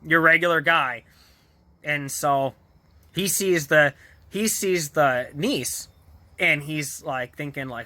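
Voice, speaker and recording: A man's voice: fairly high pitch, slow, long pauses, bright, forceful tone, no room sound. A man vlogger casually retelling a TV episode in a rambling way, full of fillers, restarts and small chuckles. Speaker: vlogger reviewing a TV show.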